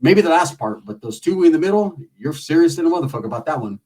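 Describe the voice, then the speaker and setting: A man's voice: fairly high pitch, quick pace, distant mic. A man telling a profane, comedic street story in loose slang, acting out the people in it. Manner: loose street slang, animated with lots of acted quotes.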